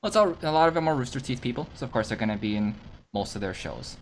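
A man hosting a casual reaction video, talking in a relaxed, rambling way with fillers and restarts. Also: mid-range voice, fast, slight background noise. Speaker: host of a reaction channel.

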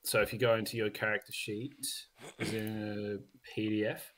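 A man's voice: on the low side, flat delivery, fairly bright tone. A man running a tabletop game as game master, narrating casually with lots of fillers. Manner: casual, filler-heavy, quick bursts.

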